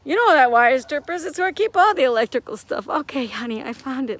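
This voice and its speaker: A woman's voice: high-pitched, expressive, fast, hardly any pauses, a little hiss or hum. An older woman vlogging about fixing things around her home, talking frankly and rambling as she walks around, recorded on a phone held at arm's length. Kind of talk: casual home-repair vlog. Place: her home, moving between house, yard and garage. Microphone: phone in selfie mode at arm's length.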